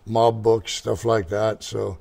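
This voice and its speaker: An older man with a low, gravelly voice talks as a guest in an interview. He tells long stories about running his motorcycle shop, wandering off topic and restarting his sentences. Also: level tone, slow, a little mellow. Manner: rambling, digressive, restarts. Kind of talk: casual storytelling interview.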